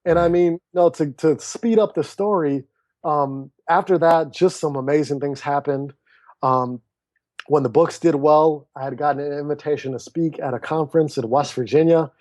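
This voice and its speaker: Higher-pitched man telling his story. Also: normal speed, dry recording. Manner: animated storyteller who acts out quoted dialogue. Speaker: podcast guest, author and speaker. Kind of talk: casual storytelling interview.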